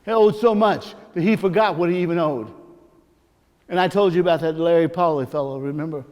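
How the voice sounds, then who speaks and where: Storytelling priest in a reverberant hall. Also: male voice, fairly high pitch, a little fast, darkish tone. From Missouri, United States. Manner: rambling, confiding storyteller with asides. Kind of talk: storytelling sermon. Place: large church hall.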